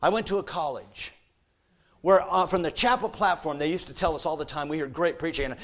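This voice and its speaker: A middle-aged man preaching a sermon, telling a personal story and swinging from hushed, soft passages to loud, forceful exhortation. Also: on the high side, fairly quick. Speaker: pastor.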